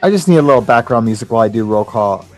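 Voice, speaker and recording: A man's voice: medium pitch, expressive, racing, soft background music. A man hosting a casual livestream, rambling and hesitant, with many ums as he greets viewers by name. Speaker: livestream host.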